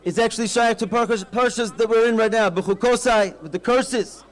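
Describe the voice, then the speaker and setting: A rabbi gives an animated, storytelling address at an outdoor festival, mixing Hebrew terms into his talk. His voice is very high, and he speaks briskly.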